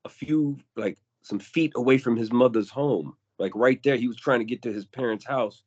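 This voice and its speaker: A man co-hosting a casual podcast, talking in an animated way, acting out quoted voices and repeating words as he goes. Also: medium pitch, normal speed, lo-fi sound. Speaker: podcast co-host.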